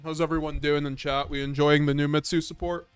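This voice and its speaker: A man's voice: fairly high pitch, little pitch movement, fairly quick, smooth, dry recording, faint music behind. A man streaming a card game live, chatting casually to his viewers and often restarting mid-sentence with little chuckles. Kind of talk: live-stream gameplay commentary.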